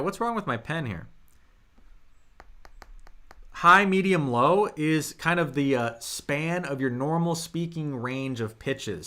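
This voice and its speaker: A young man from the United States leads a live online language lesson. His voice is bright and forward. He talks in a loose, chatty way, answers viewers' questions and demonstrates tones. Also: mid-range voice. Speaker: Mandarin teacher.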